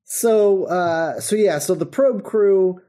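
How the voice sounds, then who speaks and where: A man's voice: high voice, slow, dark tone. A man hosting a podcast, recapping a TV episode in a rambling, casual way with many restarts. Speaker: podcast host.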